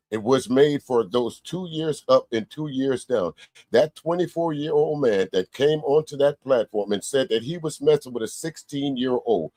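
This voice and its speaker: A man hosting a heated panel debate, forceful and lecturing, often interrupting. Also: medium pitch, no echo.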